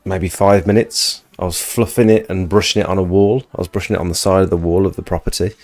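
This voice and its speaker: Deep-voiced man chatting on a livestream. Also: fairly even intonation, fast, darkish tone. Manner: chatty, reading viewer comments aloud. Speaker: livestream host. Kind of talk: casual livestream chat.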